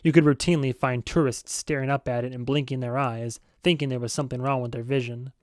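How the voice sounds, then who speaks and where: A man narrating a novel as an amateur audiobook reader, steady and with self-aware asides. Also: mid-range voice, quick pace, no room sound, clean studio sound.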